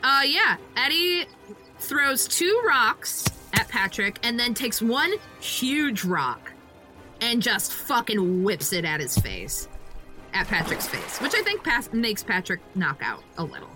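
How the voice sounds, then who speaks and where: A young woman playing a tabletop game, excitable and swearing in quick bursts. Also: a little high, over music, low-quality recording. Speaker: player. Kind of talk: tabletop game actual play.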